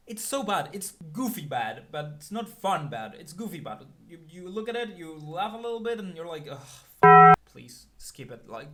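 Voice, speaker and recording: A man with a fairly high-pitched voice delivers a casual movie review. He rants with emphasis and keeps punching his points with a quick "okay?". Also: sharp tone. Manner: emphatic and ranting, often tags "okay?".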